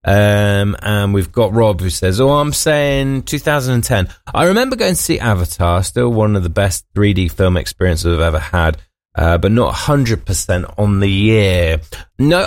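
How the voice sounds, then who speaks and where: A man's voice: lowish voice, big pitch swings, normal speed, dry recording. A man hosting breakfast radio, chatty and jokey with many ums and uhs, on a studio microphone. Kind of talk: casual radio presenting.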